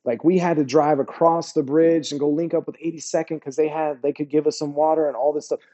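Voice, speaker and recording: A man's voice: on the high side, steady tone, fairly quick, mellow, muffled recording. A middle-aged American man, an army veteran, telling war stories in a casual interview, laid-back and slangy, often saying "bro" and "you know what I mean.". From United States.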